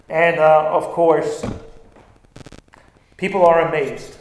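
High-voiced preacher man, very echoey room. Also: unhurried. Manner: animated, acts out quotes with bursts of emphasis. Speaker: pastor. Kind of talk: sermon.

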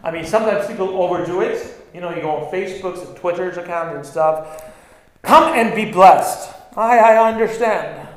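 A male pastor preaching an animated sermon, stressing lines and acting out quoted words. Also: sits high, fairly quick. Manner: animated, acts out quotes with bursts of emphasis. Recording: very echoey room.

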